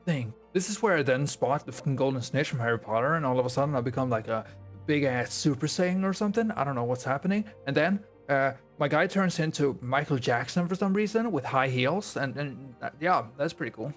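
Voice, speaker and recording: A man's voice: medium pitch, animated, fairly quick, faint music behind. A young man telling a game's story as comedy, in a casual, crude and slangy way. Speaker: gaming video creator. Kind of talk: comedic game retelling.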